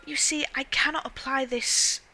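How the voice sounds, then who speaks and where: A woman's voice: high voice, steady tone, moderate pace, sharp tone, slight background noise, voice pushed up, full character voice, poor audio. Woman doing a frail old man, half-whispered. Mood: weary. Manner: weary, groaning, half-whispered. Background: game music.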